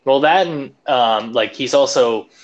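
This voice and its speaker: A man's voice: medium pitch, measured pace, highs cut off. A young man co-hosting a casual wrestling podcast, easygoing, laughing often and filling his talk with "like.". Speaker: podcast co-host.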